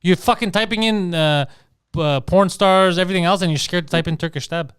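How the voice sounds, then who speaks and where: A man's voice: sits high, fairly quick, a bit bright, clean tone, dry recording, clean studio sound. A man co-hosting a casual comedy podcast, telling stories in a brash, teasing way. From Greek family background. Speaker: podcast co-host.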